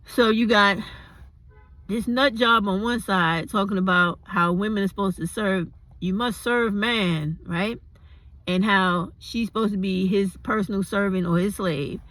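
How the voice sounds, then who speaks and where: An older woman speaking straight to camera in a bright, forceful voice, recorded dry and close. She talks bluntly and swears freely, wandering off on tangents before pulling back to her point. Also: medium pitch, fairly even intonation, normal speed, no room sound. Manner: blunt, profane and rambling, with digressions. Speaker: vlogger. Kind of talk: casual commentary to camera.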